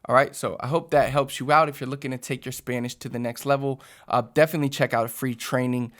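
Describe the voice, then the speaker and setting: A man's voice: medium pitch, steady tone, fast talker, fairly bright tone. A young man teaching Spanish online in a casual lesson, rambling a little as he repeats and restarts phrases while speaking straight to his viewers. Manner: conversational, addresses viewers directly. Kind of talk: casual talking-head lesson.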